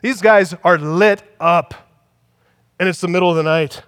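A man's voice: sits high, moderate pace, fairly bright tone. A man preaching a sermon as pastor, emphatic, building his points through repetition. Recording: long hall reverb.

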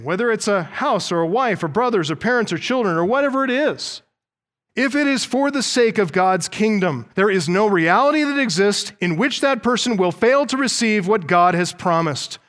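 High-voiced man preaching emphatically. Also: fairly bright tone. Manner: emphatic, asks the congregation rhetorical questions. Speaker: pastor. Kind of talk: sermon.

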